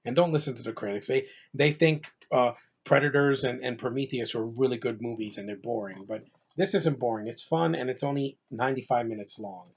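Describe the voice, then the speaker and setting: A man's voice: mid-range voice, fairly quick, slightly rough. A man giving a casual movie review on his channel, enthusiastic and rambling, with lots of fillers and restarts, sounding a little tired.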